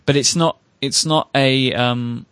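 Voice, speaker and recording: A man from England with a mid-pitched voice talks in a casual podcast chat. He is self-conscious about his speech and sometimes trips over words. The recording is dry and close. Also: steady tone, takes it slowly, fairly bright tone, clear, resonant tone, no echo. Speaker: podcast co-host.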